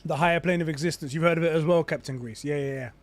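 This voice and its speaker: A man's voice: fairly high pitch, very fast. Rambling young man on a live stream. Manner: rambling, theorizing, frequent restarts. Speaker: gaming streamer. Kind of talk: casual live-stream chat.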